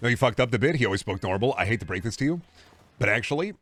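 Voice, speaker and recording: Young male streamer, casual and profane, rambles with sudden loud spikes of excitement, mid-pitched voice. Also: quick pace. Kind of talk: casual gaming stream chat.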